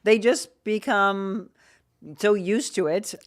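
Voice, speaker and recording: A woman's voice: medium pitch, steady tone, slow pace. A woman hosting a casual wellness talk show, chatty and enthusiastic, often turning to speak straight to her viewers.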